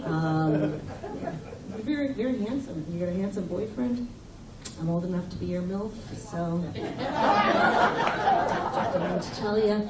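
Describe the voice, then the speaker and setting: A woman's voice: lowish voice, expressive, a little slow, pauses often, heavy background noise. A middle-aged woman doing a stand-up comedy set, with brash, teasing banter aimed at the audience. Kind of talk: stand-up set with crowd work. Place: comedy club stage. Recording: echoey room, mic from far off, loud crowd. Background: audience laughter.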